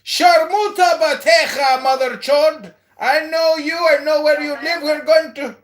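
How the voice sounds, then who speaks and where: A man's voice: extremely high pitch, steady tone, measured pace, voice pushed up. A man playing a crude, boastful rich Indian man in a put-on Indian accent on a prank call, hurling vulgar insults. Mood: threatening. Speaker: prank caller.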